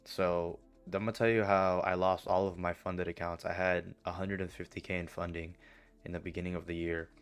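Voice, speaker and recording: A young man with a very deep, low voice tells stories bluntly, swearing casually as he talks. He speaks as a streamer chatting to his viewers. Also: flat delivery, a little fast, clean tone, faint music behind. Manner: blunt, profane storytelling. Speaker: trading streamer. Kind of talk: casual vlog monologue.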